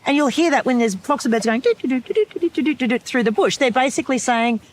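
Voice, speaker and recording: An Australian woman chatting as a podcast guest, explaining with lively energy and breaking into bird-call imitations. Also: fairly high pitch, fast. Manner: animated explainer who imitates bird calls. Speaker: podcast guest, wilderness survivor. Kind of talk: casual chat.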